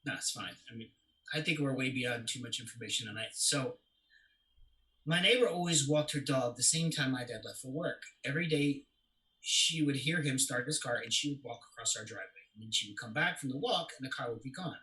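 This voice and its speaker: A man's voice: mid-range voice, brisk, lightly acted, poor audio. An actor playing a young man who recounts his father's death in a confessional, storytelling way during a stage play reading. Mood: somber. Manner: confessional storytelling, swings to loud anguish.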